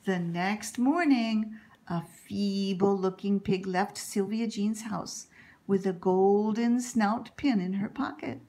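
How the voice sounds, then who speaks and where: Reading a picture book to children, this woman performs the story with lively, expressive animation. Her pitch is medium and her delivery is slow.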